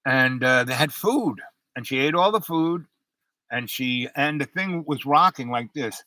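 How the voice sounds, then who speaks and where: A man's voice: medium pitch, animated, unhurried, pushed and bright, no room sound, low-quality recording. A man casually telling a personal anecdote, rambling with many restarts and fillers. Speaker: storyteller.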